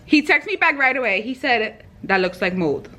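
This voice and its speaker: A young woman chatting casually to camera about her small business, animated and full of fillers. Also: fairly high pitch, normal speed. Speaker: vlogger and small business owner.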